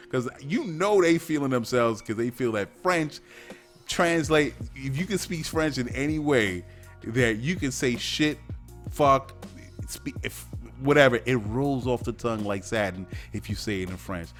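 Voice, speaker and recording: A man's voice: mid-range voice, very animated, moderate pace, fairly bright tone, faint music behind. A man hosting a casual radio show, rambling and joking with plenty of fillers and restarts. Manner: breaks into silly mock-French voices. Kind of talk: casual podcast monologue.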